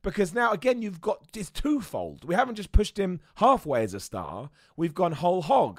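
A man hosting a wrestling show, chatting excitedly and poking fun at himself. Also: sits high, moderate pace, few pauses, dry recording, studio quality. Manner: chatty, excitable, self-mocking with laughs. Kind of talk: casual commentary and super chat reading.

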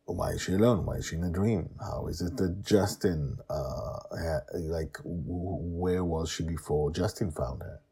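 Deep, husky man narrating a story podcast. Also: a little slow, hardly any pauses, dark tone.

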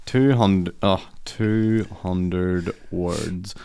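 A man hosting a podcast, teasing and quick to laugh in casual comedic chat. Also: fairly even intonation, gravelly, mellow, smooth. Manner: teasing, laughs easily, swoops in pitch. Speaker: podcast host.

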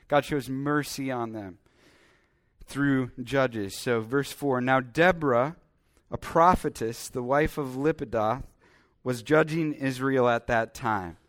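A man preaching a sermon, reading Bible verses and commenting as he goes, acting out voices now and then. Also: mid-range voice. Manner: animated, acts out voices when telling the story.

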